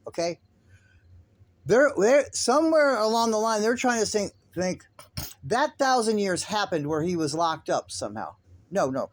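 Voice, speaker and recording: Guy kinda high-pitched ranting about scripture, swears a lot, keeps restarting lines. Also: big pitch swings, no echo. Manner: agitated, profane, halting with restarts. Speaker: online commentary host. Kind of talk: rambling religious commentary.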